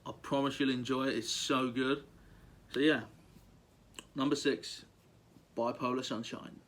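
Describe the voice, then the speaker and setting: A man's voice: mid-range voice, level tone, measured pace, a bit bright, slight background noise. A young man, talking casually and enthusiastically as a vlogger, gushing through a countdown with lots of ums and likes.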